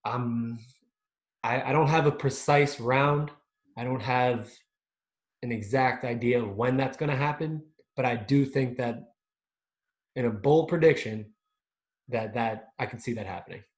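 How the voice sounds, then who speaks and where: A man co-hosting a podcast, breaking down fights in a relaxed chat with lots of "right?" tag questions and fillers. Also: medium pitch, unhurried, long pauses, roomy sound. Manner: chatty, leans on tag questions, hesitant with fillers. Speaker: podcast co-host. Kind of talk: casual sports chat.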